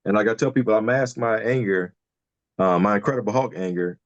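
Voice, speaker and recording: A man's voice: lowish voice, fairly quick, lo-fi sound. Man venting frankly on a call. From Detroit, Michigan. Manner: candid and fired-up, swears freely, repeats himself when heated. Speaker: podcast guest. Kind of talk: casual chat over video call. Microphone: remote video call.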